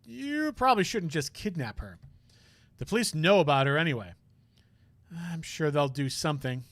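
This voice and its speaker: A man's voice: a little high, expressive, moderate pace, fairly bright tone, no echo. A man reading a wry young lawyer.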